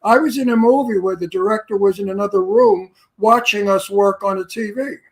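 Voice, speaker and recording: A man's voice: high voice, brisk, creaky. An older man with a Brooklyn New York accent, hosting a casual interview and telling blunt, salty, joking stories. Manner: blunt, salty, jokey storyteller. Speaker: host.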